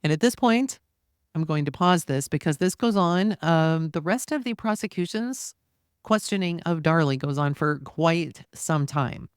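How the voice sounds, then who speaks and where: A woman hosting a true crime podcast, reading both sides of a courtroom cross-examination aloud in a plain, steady voice, with casual asides. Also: low-pitched, measured pace, clean tone, dry recording, clean studio sound. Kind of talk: reading a trial transcript aloud.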